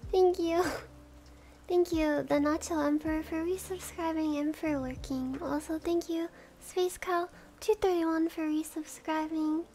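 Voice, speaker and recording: A woman's voice: very high-pitched, steady tone, a little slow, dark tone. A woman streaming casual chat, giggly, thanking subscribers one by one. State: has the hiccups.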